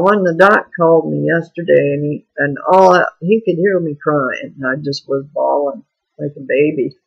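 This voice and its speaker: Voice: mid-range voice, creaky, fairly bright tone, husky, lo-fi sound. A vlogger talking in a frank, rambling, confessional way in a personal video diary.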